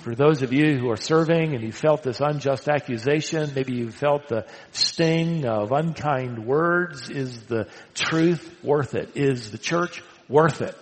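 A man preaching a sermon, swinging from loud emphatic lines to hushed, quiet ones. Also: medium pitch, measured pace, hardly any pauses, big-room sound, a little hiss or hum, rough recording. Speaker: pastor.

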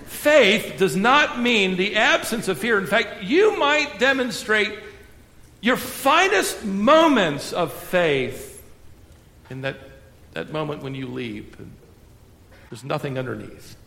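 A middle-aged male pastor preaching a sermon, expressive, drawing out key words slowly, with touches of humor. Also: high-pitched. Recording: echoey hall with long reverb.

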